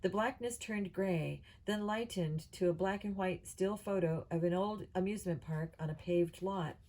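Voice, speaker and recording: A woman reads a children's mystery novel aloud, steady and plain, now and then stumbling and restarting a word. Her voice is mellow and sits a bit low. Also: moderate pace, low-quality recording. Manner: steady reading with small slips. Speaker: audiobook reader.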